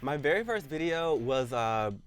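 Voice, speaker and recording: A man's voice: mid-range voice, lively intonation, moderate pace, clean tone. A young man from Missouri, a guest chatting in a casual interview, telling stories with lots of likes. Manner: chatty storyteller, many likes. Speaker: guest YouTuber.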